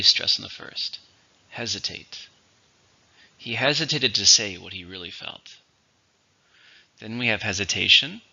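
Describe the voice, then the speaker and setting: A man giving an English vocabulary lesson, slowly modelling each word's syllables and stress, then reading example sentences. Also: fairly low pitch, creaky, bright, forceful tone, breathy edge. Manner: slow, deliberate, model pronunciations and example sentences. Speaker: vocabulary teacher. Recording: dull lo-fi recording.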